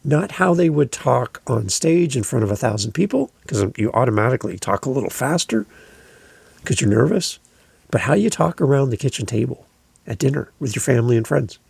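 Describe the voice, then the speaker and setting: Podcast guy giving tips, super gravelly raspy voice, talks like he's chatting over coffee. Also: medium pitch, expressive, a little fast, a little mellow, no echo. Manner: conversational, emphatic, gesturing with hands while speaking. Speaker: podcast host and coach. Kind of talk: casual instructional monologue.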